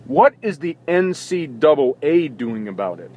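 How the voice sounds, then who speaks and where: A man's voice: on the high side, sing-song, measured pace, highs cut off. A man hosting a sports talk show, giving an impassioned opinion monologue full of indignant rhetorical questions, recorded in a vehicle.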